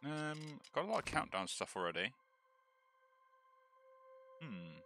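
A man hosting a game video, thinking aloud in relaxed let's play commentary, with the hiccups. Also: medium pitch, slow pace, slight background noise. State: has the hiccups. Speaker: gaming channel host. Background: background music.

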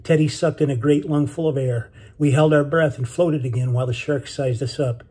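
A man reading his own novel aloud in steady, measured scripted narration. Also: a little high, husky.

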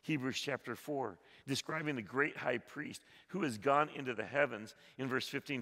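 A male pastor preaching a sermon, swinging between loud appeals and soft, hushed passages, often repeating his words. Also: medium pitch, normal speed, hardly any pauses, big-room sound. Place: church sanctuary.

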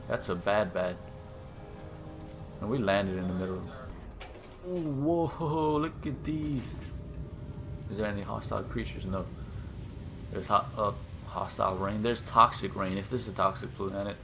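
With background noise around him, a young man with a fairly low voice talks at a moderate pace, pausing often. He hosts a gaming channel, giving casual commentary on his gameplay and frequently gasping and exclaiming as he explores.

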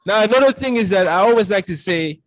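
High-voiced Cameroonian man telling a dramatic story. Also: expressive, quick pace, dry recording. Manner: dramatic storyteller, acts out his own past dialogue. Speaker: podcast guest. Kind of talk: storytelling in casual conversation.

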